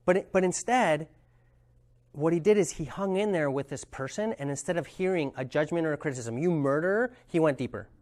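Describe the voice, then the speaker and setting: A man with a fairly high voice teaches a workshop on communication. He explains ideas and tells stories, often pausing to find the right words. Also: a little mellow. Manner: thoughtful, searching for words. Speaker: communication trainer.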